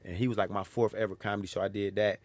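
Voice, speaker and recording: A man's voice: fairly low pitch, racing, no echo. A young man, a comedian, telling stories from his life in a casual chat, acting out the lines of people in them. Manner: animated, acts out quoted lines. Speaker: comedian guest.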